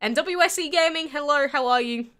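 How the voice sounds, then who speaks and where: 19 yo english girl streaming, reading chat out and answering, sharp bright voice, a bit high. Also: fairly quick. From England. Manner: chatty, reads out and answers viewer questions. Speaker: livestreamer. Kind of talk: casual chat answering live chat.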